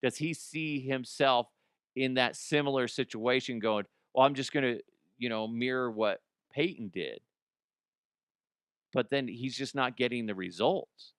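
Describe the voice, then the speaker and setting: A man's voice: mid-range voice, a little slow, fairly bright tone, clear, resonant tone, dry recording, studio quality. A man hosting a solo sports podcast, ranting bluntly with swearing, often restarting and repeating words. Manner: blunt, opinionated, swears freely. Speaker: podcast host.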